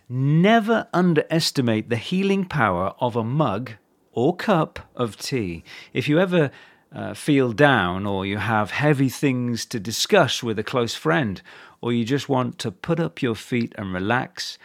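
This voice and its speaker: A man's voice: medium pitch, measured pace. Chatty man hosting a podcast. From north of England. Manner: relaxed, conversational, explaining with everyday examples. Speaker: podcast host.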